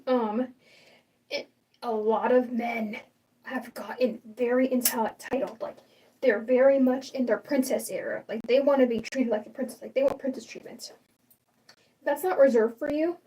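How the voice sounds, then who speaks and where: A woman's voice: on the high side, steady tone, unhurried, warm tone, far from the mic, low-quality recording. A young adult woman hosting a casual livestream, rambling and opinionated with lots of fillers and restarts. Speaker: livestream host.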